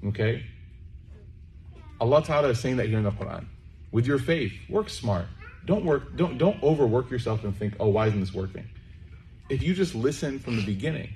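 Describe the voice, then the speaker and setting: A man's voice: medium pitch, lively intonation, normal speed, darkish tone, a little hiss or hum. A man giving a conversational sermon to a live audience, joking and checking in with listeners, then leading a closing prayer. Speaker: preacher.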